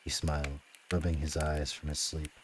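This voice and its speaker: A man reading a novel aloud on a live stream in a steady narrating voice. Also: a bass voice, moderate pace, noisy background. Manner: steady narration, with offhand asides. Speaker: reader.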